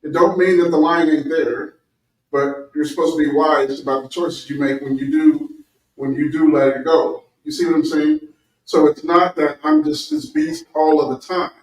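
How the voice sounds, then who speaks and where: A man in casual chat, explaining his thoughts calmly with examples. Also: on the high side, normal speed, distant mic. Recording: echoey room, away from the mic.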